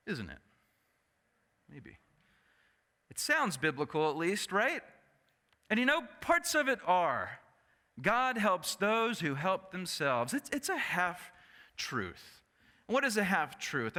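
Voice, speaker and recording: A male pastor preaching a sermon in an animated storytelling manner, often turning to the congregation with asides. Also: sits high. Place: church sanctuary. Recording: echoey church sanctuary.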